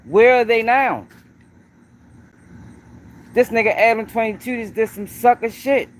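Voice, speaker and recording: A man's voice: high-pitched, a little hiss or hum. A man hosting his own news commentary livestream, talking emphatically, repeating points and speaking straight to his viewers. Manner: emphatic, repetitive, addresses viewers directly.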